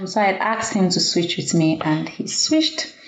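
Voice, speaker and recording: A woman's voice: lowish voice, very animated, normal speed. A young woman, a doctor, telling a personal story in an earnest, reflective way, with many fillers. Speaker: guest. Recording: echoey room, dull lo-fi sound.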